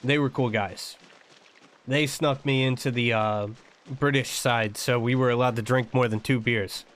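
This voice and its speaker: A man's voice: medium pitch, fairly even intonation, unhurried, fairly bright tone. An American man streaming a game and chatting casually, rambling and laughing often. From United States. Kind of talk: casual chat while gaming.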